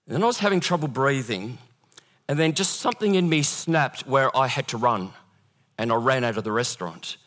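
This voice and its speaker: A middle-aged pastor delivers a sermon as a story, animated and candid. His voice sits at an ordinary male pitch, and he slips into acted voices for the people he quotes. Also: fairly quick.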